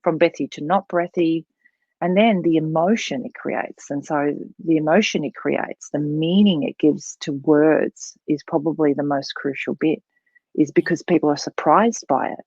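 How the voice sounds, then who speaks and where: Woman, speaking coach, expressive, demonstrates voices, dull lo-fi sound, dry. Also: low-pitched, moderate pace, husky, dry recording. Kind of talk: interview guest explaining.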